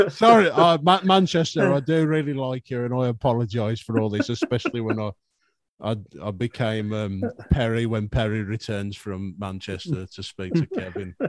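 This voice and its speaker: A man's voice: medium pitch, unhurried, no echo. Male podcast co-host; loose, jokey banter, trips over words; dry close mic. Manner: rambling, jokey, stumbles and repeats. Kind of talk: casual banter.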